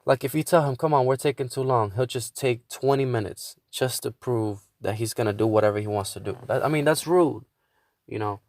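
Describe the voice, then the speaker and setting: A man's voice: mid-range voice, brisk, a little mellow, no room sound, clean studio sound. A man hosting his own podcast, venting in a casual monologue with a lot of swearing and stumbling restarts. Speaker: podcast host.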